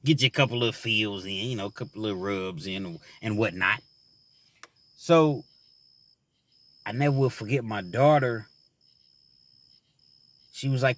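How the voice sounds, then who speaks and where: A man tells an earnest, reflective story of his time in prison, using plenty of "you know" fillers, then offers advice to young men. His fairly low, slightly bright voice runs at normal speed with frequent pauses. There's no echo.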